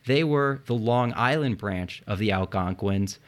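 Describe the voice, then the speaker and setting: A man's voice: fairly low pitch, animated, unhurried. Man casually telling history, joking. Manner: joking, swears, spells words out loud. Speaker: podcast host telling history. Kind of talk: casual history podcast chat.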